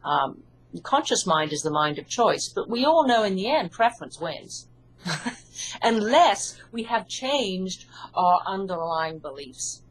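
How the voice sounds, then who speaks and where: A woman with an English accent, an author and hypnotherapist, calmly explaining her ideas in an interview. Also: mid-range voice, takes it slowly, slight background noise, poor audio. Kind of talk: interview answers.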